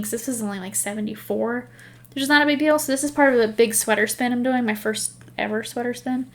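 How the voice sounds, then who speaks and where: A woman hosting a knitting podcast, chatting casually and rambling through stories while laughing at herself. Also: mid-range voice. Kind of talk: casual chat.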